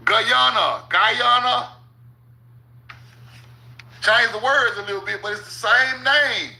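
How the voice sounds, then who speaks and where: High-pitched, gravelly man, slow talk. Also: pushed and bright, low-quality recording. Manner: profane, repeats "hold on", laughs at his own points. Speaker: channel host. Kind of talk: casual commentary over maps.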